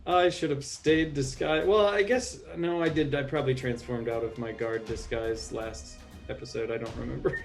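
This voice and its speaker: A man's voice: medium pitch, fairly even intonation, moderate pace, gravelly, hardly any pauses, soft background music. A man playing in a tabletop game, talking in a casual, easygoing way. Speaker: player.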